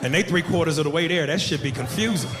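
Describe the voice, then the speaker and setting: A man's voice: a little high, fast talker, noisy background. Brash, profane stand-up comedian man. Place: comedy stage before a live audience. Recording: live club mic, crowd laughter.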